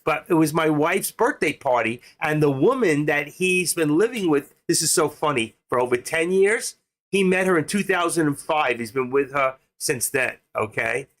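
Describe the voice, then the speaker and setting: An older man hosting a live trading stream, talking in an excitable, rambling casual way. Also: on the high side, normal speed.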